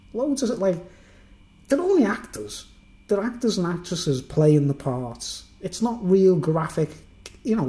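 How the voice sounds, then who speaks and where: A man's voice: high-pitched, dark tone. Chatty man telling a story. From Birkenhead, England. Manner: rambling, chatty, peppered with "right?" and "man". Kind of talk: casual storytelling monologue.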